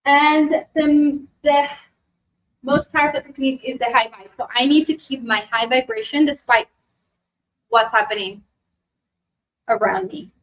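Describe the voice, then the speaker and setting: A woman's voice: high-pitched, measured pace, pauses often, dull audio. A woman giving a live workshop talk in an expo hall, turning to the audience with "right?" and leading a guided meditation. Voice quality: animated, talks to the audience directly with frequent "right?". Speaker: workshop speaker.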